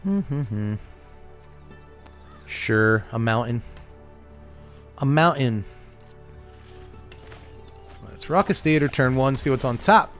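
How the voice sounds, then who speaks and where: A man's voice: mid-range voice, slow, long pauses, a bit bright, faint music behind. A man hosting a card game channel, giving wry, joking gameplay commentary and chuckling often.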